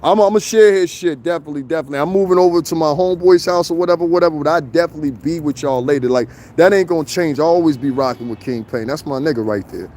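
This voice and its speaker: A man's voice: a little high, quick pace, hardly any pauses, a little mellow. A middle-aged man, hosting a casual livestream outdoors in the cold, reading comments and rambling in loose, profane stories. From New York. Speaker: livestream host. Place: outdoors in the cold, city street.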